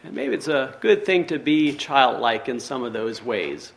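A man's voice: medium pitch, big pitch swings, measured pace, gravelly. A man reading a story aloud and then reflecting on it in an earnest way, with some hesitant restarts. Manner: earnest, with hesitant restarts in his own talk. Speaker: speaker.

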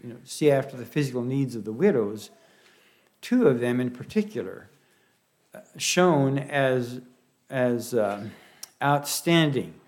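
A man with a Pennsylvania Dutch accent preaches a sermon in a folksy, halting way. He often restarts his phrases and slips in light humor. His voice sits at an ordinary middle pitch. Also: expressive. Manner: halting, with many restarts and fillers.

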